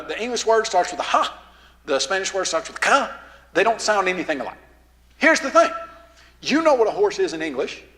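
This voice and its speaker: A man with a Southern drawl giving a lively, folksy lesson to a youth rally in a church, quizzing the crowd as he goes. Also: sits high, big-room sound. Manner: asks the crowd questions, folksy and animated. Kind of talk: lively teaching talk to teens. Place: church hall, live audience.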